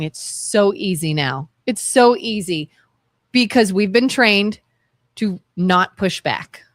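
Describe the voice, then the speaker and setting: A woman's voice: mid-range voice, fairly bright tone, no room sound, studio quality. An American woman co-hosting a call-in talk show, speaking earnestly and with passion, often restarting her sentences. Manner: earnest and impassioned, many restarts. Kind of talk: casual talk show chat.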